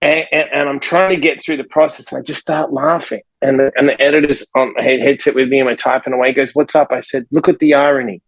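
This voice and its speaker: A man who is a life coach and author, telling a story in a podcast conversation with lively energy and acting out the people in it. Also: mid-range voice, fast, hardly any pauses, no room sound, low-quality recording. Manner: energetic, acts out the people in his stories.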